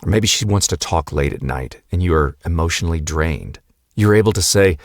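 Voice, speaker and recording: A man hosting a podcast for husbands, speaking in a calm, measured, earnest monologue that builds lists of short repeated phrases. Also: sits low, dry recording, clean studio sound. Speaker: podcast host, coach for husbands.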